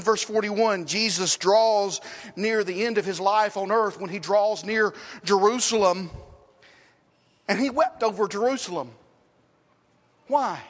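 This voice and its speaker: High-voiced man preaching in a reverberant hall. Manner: dramatic preaching, swinging from loud rhetorical questions to hushed lines. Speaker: pastor. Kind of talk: sermon. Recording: long reverb.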